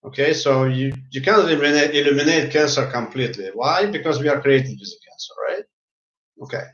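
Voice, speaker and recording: A man's voice: mid-range voice, a little fast, fairly bright tone. A man who works as a healer tells a story in casual speech, often repeating and restarting his words. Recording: roomy, dull lo-fi sound.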